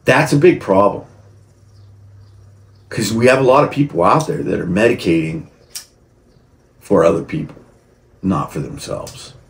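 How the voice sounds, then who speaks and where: A creaky, low-voiced man speaks at a measured pace and pauses often as he vlogs to camera. He rambles about personal things, frequently restarting and repeating words, and heats up into shouted outbursts.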